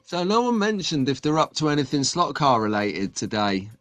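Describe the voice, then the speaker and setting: A man's voice: fairly high pitch, sing-song, moderate pace, fairly bright tone, no room sound, soft background music. Chatty man hosting a stream. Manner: chatty, jokey banter with the chat. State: just woken up. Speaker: host. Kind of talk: casual live-stream chat.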